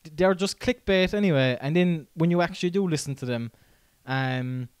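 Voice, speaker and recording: A man co-hosts a podcast, rambling with restarts and plenty of slang. His voice sits a little high for a man and sounds dry and close. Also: normal speed, clean tone, dry recording. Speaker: podcast co-host. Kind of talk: casual chat.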